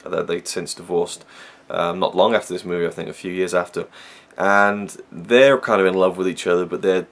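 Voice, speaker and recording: A man's voice: sits low, fairly even intonation, moderate pace. A man giving a casual, rambling film review, full of fillers and restarts.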